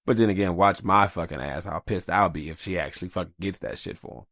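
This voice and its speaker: A man's voice: deep voice, expressive, fast, vocal fry, a bit bright, no room sound, studio quality. A tired man hosting a podcast in casual, rambling, profane chat. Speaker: podcast host.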